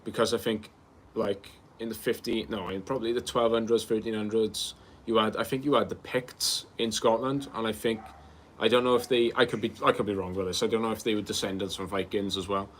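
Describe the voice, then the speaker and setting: A young man with a slightly low voice hosts a relaxed livestream, reading viewers' comments aloud and answering them casually. He talks in an easygoing way and often calls people bro. A faint ambient hum sits behind his voice. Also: fairly quick. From Wales. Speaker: livestream host.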